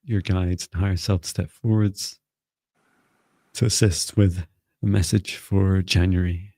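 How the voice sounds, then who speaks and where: A man co-hosting a live stream, giving gentle, meandering psychic readings with many fillers. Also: deep voice, fairly even intonation, a little slow, no room sound. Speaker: psychic reader, co-host.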